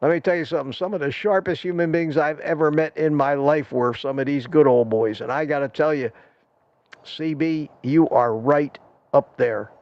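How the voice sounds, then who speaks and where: A man's voice: fairly high pitch, moderate pace, dry recording. An older man hosting a live stream, rambling and ranting in a self-deprecating way and thanking his viewers by name. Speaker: livestream host. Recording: dull lo-fi stream audio.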